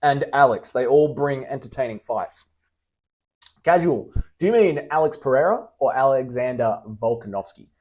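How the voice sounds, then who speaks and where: Aussie bloke on a livestream reading chat, swears a lot and teases people. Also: male voice, medium pitch, animated, normal speed, darkish tone. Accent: Australian. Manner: blunt, swears freely, teasing.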